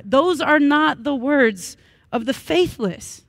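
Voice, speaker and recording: A woman in her thirties delivers a sermon at a church worship service. Her voice sits a bit high, and the sound is dry with little room around it. She speaks earnestly and breaks into animated, humorous asides. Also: a little slow, no echo. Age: 30s. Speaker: pastor.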